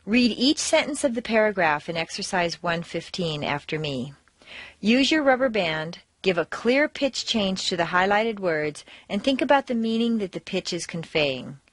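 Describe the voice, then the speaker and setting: Woman, accent-training lesson, scripted narration, very lively exaggerated intonation, dry close recording. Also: mid-range voice, dry recording. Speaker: language teacher.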